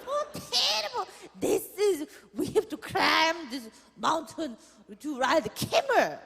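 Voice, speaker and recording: A woman doing a shrill impression of a melodramatic older mother who wails her complaints in broken English. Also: very animated, takes it slowly, gravelly, a bit bright, heavily acted. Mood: whining. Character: fussy older immigrant mother, melodramatic, self-pitying. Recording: live hall with audience noise.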